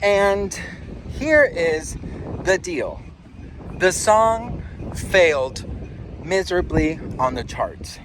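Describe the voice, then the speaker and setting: A man hosting a celebrity gossip talk, sassy and animated, calling his listeners "girl" and "best friend" and reading an article aloud with his own asides. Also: sits high, extremely slow, pauses often, background noise. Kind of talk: casual gossip commentary.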